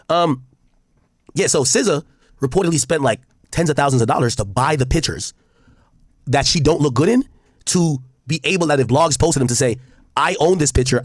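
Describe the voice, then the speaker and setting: Man, livestream commentary, quick talker, blunt and profane, reads posts out loud. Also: on the high side, no echo, studio quality. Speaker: streamer reacting to news.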